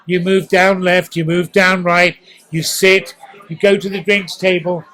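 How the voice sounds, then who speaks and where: A man's voice: high voice, level tone, measured pace, sharp tone, poor audio. A man in his eighties from the East End of London with a posh English accent, telling stories theatrically in an interview at a restaurant. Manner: theatrical, acts out sounds. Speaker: guest actor. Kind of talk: storytelling interview.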